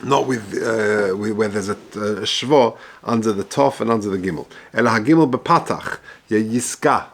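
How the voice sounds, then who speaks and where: Man reading and explaining religious text. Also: on the low side. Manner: reads Hebrew-Aramaic text then explains in English, measured and halting. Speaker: rabbi teaching halacha. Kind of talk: text study lesson, reading and translating.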